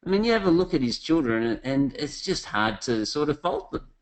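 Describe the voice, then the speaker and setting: A man's voice: fairly high pitch, sing-song, a little fast, rough recording. Chatty man presenting a webinar. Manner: chatty storytelling, addresses the audience directly. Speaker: business consulting presenter.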